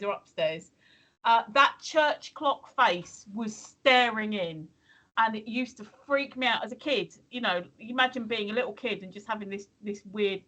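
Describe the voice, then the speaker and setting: A woman's voice: on the high side, pushed and bright, poor audio. An English woman in casual chat on a live stream, rambling and hesitant with many ums. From England. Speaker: stream co-host.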